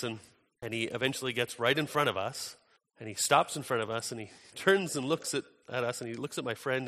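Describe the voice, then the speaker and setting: Earnest pastor, bright voice. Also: male voice, medium pitch. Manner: earnest, conversational, animated when telling a story. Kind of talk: sermon with prayer and storytelling. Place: large church hall. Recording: reverberant hall sound.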